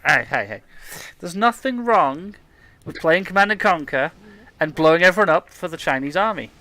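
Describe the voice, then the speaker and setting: Bright, punchy male gamer co-host, brash and foul-mouthed. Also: fairly high pitch, lively intonation, normal speed, no room sound. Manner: brash, swears freely, joking. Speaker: podcast co-host playing a video game. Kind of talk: casual chat with live gameplay commentary.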